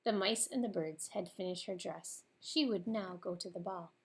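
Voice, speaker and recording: A woman's voice: medium pitch, normal speed. Woman reading a storybook aloud.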